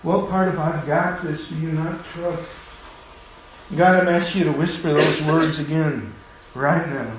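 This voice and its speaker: Earnest pastor in a very echoey room. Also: male voice, fairly high pitch, fairly even intonation, a little slow, noisy background. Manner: earnest, pleading, softening to a hush in prayer. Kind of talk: sermon and closing prayer. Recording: very echoey room with faint ambience.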